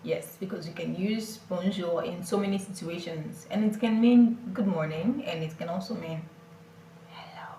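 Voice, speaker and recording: A woman teaches a beginner French lesson in a slow, deliberate way, pausing to check that her listeners follow. Her voice sits a little low. She sounds set back from the mic in a roomy space with a faint hum behind her. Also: dark tone, distant mic. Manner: slow, deliberate explaining with repeated check-ins.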